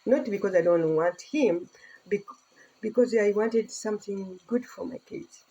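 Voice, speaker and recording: Middle-aged woman from Tanzania, earnest casual vlog to phone, mellow husky tone. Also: mid-range voice, a little slow, dull audio. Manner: earnest, speaking broken English with laughter. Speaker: vlogger.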